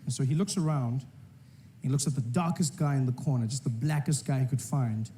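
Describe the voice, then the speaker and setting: A man's voice: mid-range voice, fairly quick, warm tone, a little hiss or hum. A South African man performing stand-up comedy in a conversational storytelling manner.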